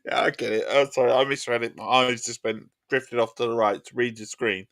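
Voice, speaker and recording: A man with an Essex accent streaming a racing game, chatty, rambling and quick to laugh at himself. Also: medium pitch, steady tone. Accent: Essex English. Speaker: gaming streamer. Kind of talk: casual chat while gaming. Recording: loud game noise behind voice. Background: racing game engine sounds.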